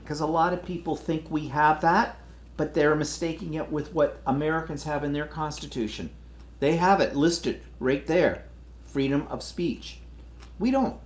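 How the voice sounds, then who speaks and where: A man hosting a livestream, talking through a rambling, indignant opinion piece with plenty of fillers. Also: a little high. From Canada. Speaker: livestream host. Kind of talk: casual opinionated monologue. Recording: roomy echo.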